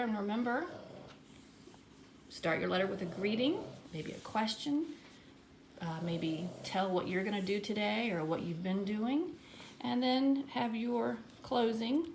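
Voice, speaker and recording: A woman teacher giving a writing lesson to young children, reading example words slowly and with exaggerated emphasis. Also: on the high side, animated, a little hiss or hum. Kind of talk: early-grade writing lesson.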